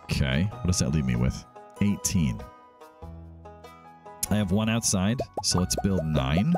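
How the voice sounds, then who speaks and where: Deep-voiced, animated gaming host. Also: male voice, unhurried. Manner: chatty, animated, thinking aloud. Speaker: let's play host. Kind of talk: casual gameplay commentary. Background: game music.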